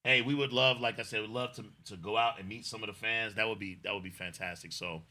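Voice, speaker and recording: Middle-aged guy on a livestream, super bright voice, rambly and gushing. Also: lowish voice, steady tone, fast. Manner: effusive, rambling, emotional thanks. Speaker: livestream co-host. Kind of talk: casual livestream chat.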